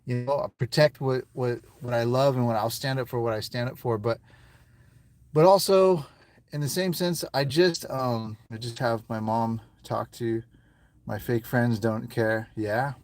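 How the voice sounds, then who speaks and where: A man's voice: medium pitch, fairly even intonation, normal speed, a little mellow, no room sound. A man talking casually to viewers on a live stream from his phone, rambling and emotional and swearing often, seemingly from inside a car.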